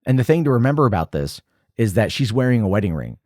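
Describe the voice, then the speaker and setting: A man in his forties hosting a casual film commentary, animated and jumping high in pitch when excited. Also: quick pace, no echo, studio quality. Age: 40s. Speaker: podcast host.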